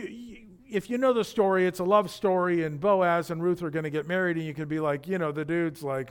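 Man, senior pastor, sermon, high voice, casual rambling delivery. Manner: conversational preaching with many fillers and restarts.

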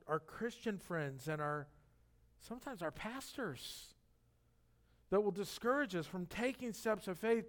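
Pastor guy giving a sermon, pretty high voice, gets animated. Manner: animated, acts out scripture quotes.

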